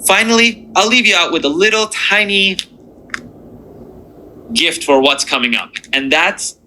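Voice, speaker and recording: A man teaching a beginner language lesson, patient and encouraging, slowing down to repeat sounds with the learner. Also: high voice, lively intonation, pushed and bright, slight background noise, rough recording.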